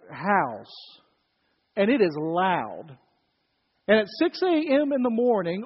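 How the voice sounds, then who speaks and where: A high-pitched man preaching a lively sermon in a large church hall. His voice carries a long echo, and the recording is dull and muffled. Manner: storytelling with acted quotes and sudden loud bursts. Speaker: pastor.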